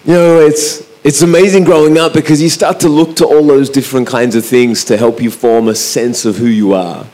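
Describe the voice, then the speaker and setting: A man with an Australian accent, giving a talk to an audience in a relaxed, anecdotal way at a microphone. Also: mid-range voice, normal speed, few pauses. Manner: relaxed, anecdotal, with frequent "uh" and restarts. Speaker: speaker.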